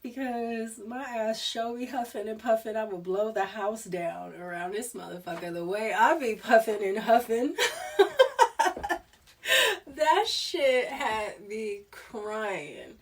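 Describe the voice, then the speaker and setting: A woman's voice: a little high, fairly even intonation, normal speed, hardly any pauses, far from the mic, slight background noise. A woman tarot reader in a casual spiritual chat, rambling and restarting her sentences, often breaking into laughter.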